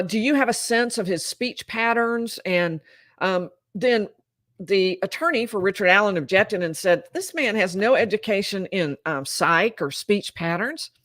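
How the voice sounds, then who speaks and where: A woman giving animated, incredulous commentary while recapping trial testimony and acting out quoted dialogue. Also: medium pitch, dry recording, clean studio sound. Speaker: legal commentator.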